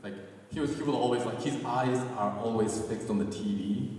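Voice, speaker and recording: In an echoey gallery performance space, a young performance artist tells a story live, sounding casual and conversational and using "like" a lot. His voice is medium-pitched and darkish, at a normal speed, and he's far from the mic.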